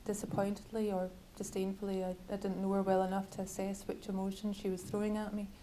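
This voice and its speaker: A woman author reading from her own novel at a bookshop event, measured and wryly literary. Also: medium pitch, monotone, warm tone, slight background noise, low-quality recording.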